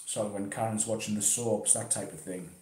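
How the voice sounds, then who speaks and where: A man's voice: on the low side, fairly even intonation, fairly quick, darkish tone. Laid-back man in an echoey room. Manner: chatty, laid-back, swears casually. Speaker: interviewee talking about pipe smoking. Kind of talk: casual chat. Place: conservatory at home.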